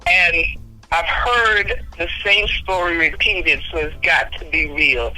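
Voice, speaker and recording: A woman's voice: on the low side, takes it slowly, pushed and bright, faint music behind, poor audio. A woman in her fifties, a talk show guest earnestly telling a personal story from her childhood.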